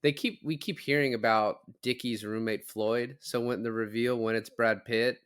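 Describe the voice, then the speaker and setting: A man's voice: mid-range voice, moderate pace, smooth, dry recording, studio quality. A man hosting a film podcast, chatting casually and loosely with many fillers. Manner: relaxed, lots of "like" fillers. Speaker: podcast host.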